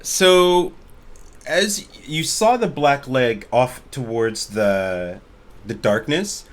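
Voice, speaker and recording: A man's voice: mid-range voice, animated, drawn-out words. A man running a tabletop game over a voice call, narrating casually with lots of filler words. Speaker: game master. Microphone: computer mic on a voice call.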